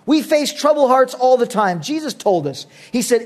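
A middle-aged man preaching a sermon as pastor, emphatic, moving between loud urging and quiet, earnest asides. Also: very high voice, sing-song, moderate pace.

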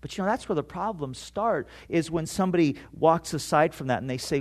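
A man preaching a sermon to a congregation, emphatic, with dramatic pauses and repeated phrases. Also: a little high, lively intonation. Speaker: pastor.

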